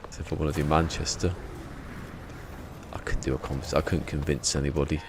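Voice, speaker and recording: A man's voice: very deep voice, flat delivery, brisk, noisy background. A man streaming a game from home, chatting casually and rambling in a self-deprecating way. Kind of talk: casual live-stream chat.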